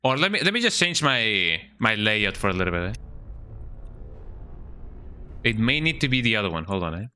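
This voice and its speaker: A man with a fairly low, sing-song voice talks fast in a sharp, clean tone. Streaming a game, he chats casually and mutters to himself while reading setup steps aloud. He's chatty and keeps tagging his lines with "eh?".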